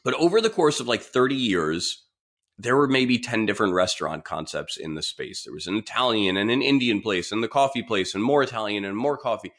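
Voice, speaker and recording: Male podcast host from New York, storytelling monologue, animated, slips into voices for quotes. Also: fairly low pitch, brisk. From New York City. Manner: chatty, animated, voices others in quoted asides. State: sick with Covid.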